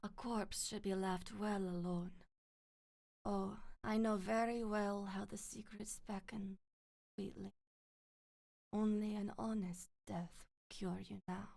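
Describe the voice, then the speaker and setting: A woman voicing a cold, regal noblewoman with a hushed, poised and menacing delivery. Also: mid-range voice, little pitch movement, takes it slowly, gravelly. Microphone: streaming mic.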